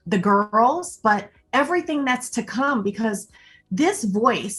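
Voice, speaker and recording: A woman co-hosting a live online show, giving an earnest, rambling thank-you full of "um"s and repeated phrases. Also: medium pitch. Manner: earnest, repeats "more importantly", many "um"s. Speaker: co-host. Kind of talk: heartfelt closing thanks on a live video show.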